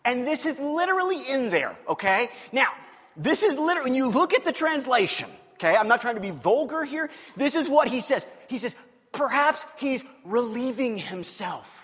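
High-voiced animated preacher in a big hall. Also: male voice, a little fast. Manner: animated, jokey storytelling with acted-out quotes. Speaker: pastor. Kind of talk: sermon. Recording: long hall reverb.

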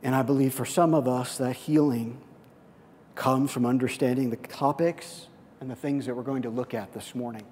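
A man preaching a sermon, telling a personal story and slipping into excited, quoted voices. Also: medium pitch, moderate pace, in a large hall, a little hiss or hum. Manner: storytelling with lively swings into excited quoted speech. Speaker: pastor.

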